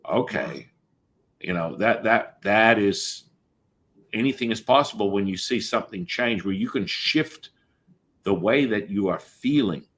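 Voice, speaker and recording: A man's voice: on the low side, animated, unhurried, a bit bright. Reflective man hosting a spiritual talk. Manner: meandering, reflective, restarts. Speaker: podcast host. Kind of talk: spiritual conversation.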